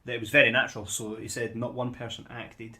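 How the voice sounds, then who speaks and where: A man's voice: mid-range voice, level tone, quick pace, bright, forceful tone. A man co-hosting a casual podcast about films, rambling and repeating words as he works his way to his point. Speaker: podcast co-host. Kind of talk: casual film discussion.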